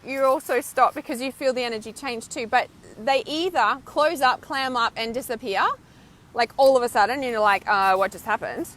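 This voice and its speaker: A woman's voice: sits high, a bit bright. A woman mentor talking casually and with animation to her viewers, often asking "right?" and laughing between thoughts. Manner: emphatic, swears casually. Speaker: intuitive healer and mentor. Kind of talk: live stream talk to viewers. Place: outdoors, windy beach.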